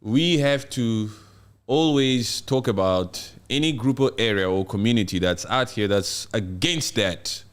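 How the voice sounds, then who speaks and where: A man hosting a live stream discussion, speaking emphatically and slowing down to stress his points. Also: mid-range voice, clear, resonant tone. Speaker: host.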